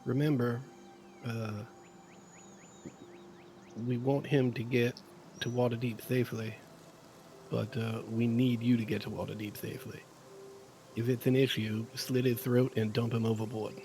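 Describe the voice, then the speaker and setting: A man voicing his tabletop character, giving a grim warning in a low, hushed voice as whispered role-play. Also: flat delivery, a little slow, few pauses, slight background noise, close to an everyday voice.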